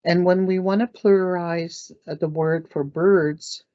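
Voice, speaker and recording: A woman teaching words in a language lesson, saying each word slowly, repeating it, and clearing her throat now and then. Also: on the low side, steady tone, mellow, no echo. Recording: dull lo-fi dry recording.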